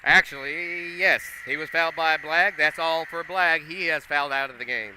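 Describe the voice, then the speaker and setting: A man calling a school basketball game play by play, getting excitable and loud on big plays. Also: a little high, normal speed, a little hiss or hum. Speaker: play-by-play commentator. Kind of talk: live basketball commentary. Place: school gym.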